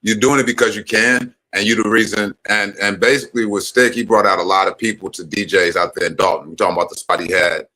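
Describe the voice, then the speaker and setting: A man hosting a podcast, asking questions in relaxed casual chat. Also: lowish voice, quick pace, hardly any pauses, low-quality recording. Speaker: podcast host.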